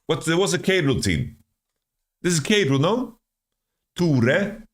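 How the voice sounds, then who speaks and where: A man's voice: a little high, sing-song, measured pace. A man streaming, thinking aloud as he guesses team rosters from player nationalities, often repeating words. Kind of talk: casual stream commentary.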